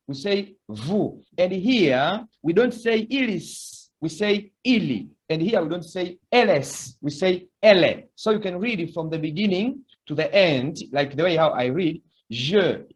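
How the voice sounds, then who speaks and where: A man teaching a beginner language lesson, patiently repeating words for students to echo. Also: high voice. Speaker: French teacher.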